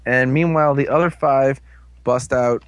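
A man giving an excited, casual recap of an episode, slipping into quick character voices. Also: medium pitch, heavy background noise. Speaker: fan commentator.

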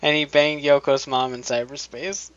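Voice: mid-range voice, level tone, normal speed. A podcast co-host reading listener comments, giggly and playful. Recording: dull lo-fi podcast audio.

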